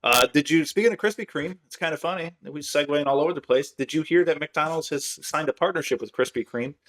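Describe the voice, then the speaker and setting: A man's voice: on the high side, quick pace, fairly bright tone. Rambling man telling casual stories. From Michigan. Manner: rambling storyteller, many fillers. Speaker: podcast host. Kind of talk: casual chat.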